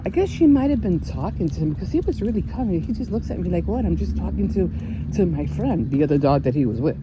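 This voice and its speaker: A woman's voice: mid-range voice, dark tone, slight background noise. An older woman chatting casually in a vlog, telling stories with frequent laughs and restarts. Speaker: vlogger. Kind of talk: casual chat.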